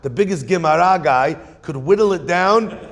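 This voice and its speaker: A man's voice: sits high, animated, normal speed, big-room sound. A middle-aged male rabbi giving a sermon to a room, telling stories and asking the listeners rhetorical questions. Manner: storytelling with Yiddish-flavored phrasing and rhetorical questions. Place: room with an audience.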